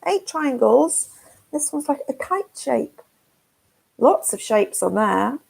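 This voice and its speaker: A woman leading a forest school session reads a picture book to toddlers at home in a gentle, sing-song way and asks the children questions. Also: sits high, very animated, slow, creaky, low-quality recording.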